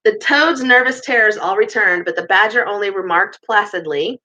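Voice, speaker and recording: A woman reading a children's novel aloud in a lively way, with chatty asides, in a muffled recording. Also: medium pitch, normal speed. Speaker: storybook reader.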